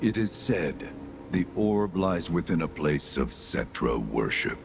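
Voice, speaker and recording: An actor playing an ancient ghostly male elder of a vanished people, speaking slowly and formally with a very deep, gravelly voice. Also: big pitch swings, exaggerated voice. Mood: solemn. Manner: slow, formal and ominous. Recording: game audio with music behind.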